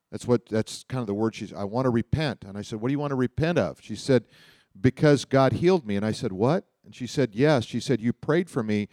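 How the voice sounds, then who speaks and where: A man's voice: mid-range voice, darkish tone, no room sound, clean studio sound. Rambling storytelling male pastor. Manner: rambling anecdotal storytelling with frequent restarts. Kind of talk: sermon storytelling.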